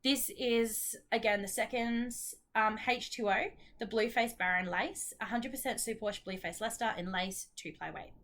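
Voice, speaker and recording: A woman's voice: a little high, normal speed, few pauses, fairly bright tone. A young Australian woman chatting casually about her yarn stash in a rambling, apologetic way, with lots of ums. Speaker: knitting vlogger. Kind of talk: casual chat.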